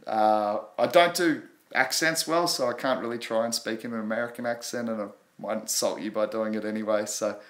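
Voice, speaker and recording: Fast-talking Australian man, roomy sound. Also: on the low side, a bit bright. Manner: quick, rambling, apologetic about his pace. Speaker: crypto livestream host. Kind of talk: casual live chat.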